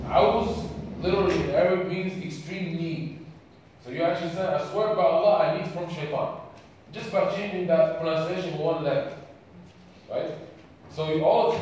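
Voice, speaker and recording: A man's voice: a little high, darkish tone, a little hiss or hum. Man preaching in an echoey hall. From Sudan. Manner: engaging, asks audience questions. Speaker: camp speaker. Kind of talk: religious talk to youth. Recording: echoey hall, distant mic.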